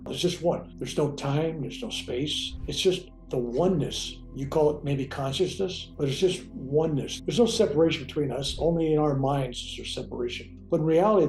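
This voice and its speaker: Man, interview guest, casual rambling storytelling, mellow voice, somewhat high pitch, roomy sound, faint music. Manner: animated, rambling, acts out quoted dialogue.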